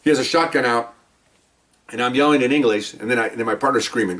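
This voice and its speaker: A man's voice: mid-range voice, fast talker, fairly bright tone, recorded from a distance. A man who is a police officer telling stories from the job in a casual monologue, emphatic and often tagging his points with "okay?". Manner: emphatic, keeps adding "okay?".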